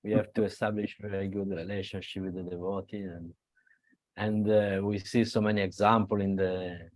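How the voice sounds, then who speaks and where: A man with an Italian accent speaks earnestly and slowly in a lowish voice, halting and restarting with small laughs. The sound is dry and close, with no room around it. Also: no room sound. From Italy. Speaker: devotee speaking at a gathering. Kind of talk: devotional talk on a video call.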